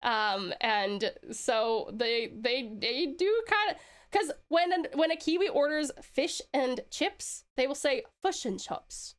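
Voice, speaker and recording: A woman's voice: high-pitched, slow pace, clean tone. An Australian woman streaming live, chatting casually, giggling and reading out chat messages. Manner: giggly, excitable, swearing, reads chat aloud.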